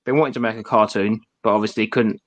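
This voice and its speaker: A man's voice: lowish voice, steady tone, fast talker, no echo, lo-fi sound. A man hosting a live toy chat, reading out viewer comments in an easygoing way. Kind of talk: casual live stream chat.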